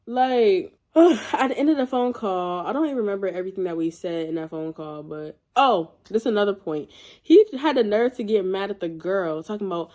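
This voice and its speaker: Young woman, storytime vlog, incredulous, chatty, mid pitch. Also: normal speed. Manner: animated, incredulous, lots of "like" and "y'all". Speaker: storytime vlogger. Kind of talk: casual storytime to camera.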